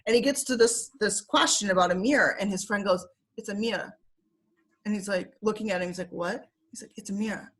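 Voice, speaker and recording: A woman, a former teacher, talking as an interview guest in a casual, animated way, full of "like" and quick laughs. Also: mid-range voice. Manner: animated, filler-heavy with frequent "like" and quick laughs. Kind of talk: casual conversational storytelling. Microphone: video call.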